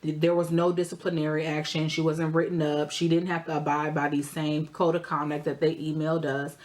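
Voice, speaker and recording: A young adult woman, telling a story in a casual, animated way while eating, her voice jumping high for emphasis. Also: fairly quick, noisy background. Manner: animated, expressive storytelling with sudden high jumps in pitch. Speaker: vlogger.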